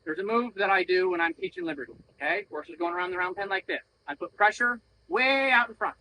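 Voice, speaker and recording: A horse trainer coaches bluntly from the saddle during a training session, swearing freely and putting on little voices to make his points. His high voice is quick, pushed and bright, and the recording is rough.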